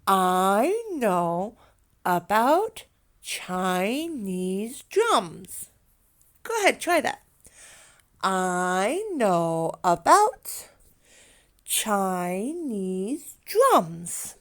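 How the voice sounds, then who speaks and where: A woman teaching young learners, sounding out words slowly, prompting them to repeat and praising them often. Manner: slow, drawn-out teacher talk, lively pitch, praises and prompts. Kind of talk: children's online lesson.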